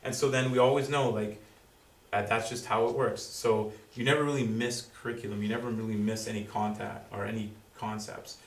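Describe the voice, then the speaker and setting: A man giving a school presentation to parents, explaining in a halting way full of fillers and restarts. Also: fairly low pitch, fairly even intonation. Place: school room with audience. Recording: roomy, distant, faint background noise.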